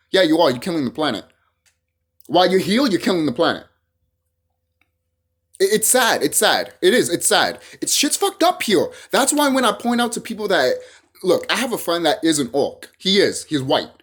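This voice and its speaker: A man's voice: high voice, very animated, normal speed, a bit bright, slightly rough. A young man from El Salvador talking casually to camera in a rambling, emphatic, profane way with frequent restarts. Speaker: vlogger.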